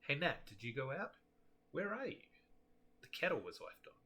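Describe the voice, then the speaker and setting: A man's voice: on the high side, big pitch swings, moderate pace, sharp tone, heavily acted. A man voicing a polite, earnest husband who pleads and frets. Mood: worried.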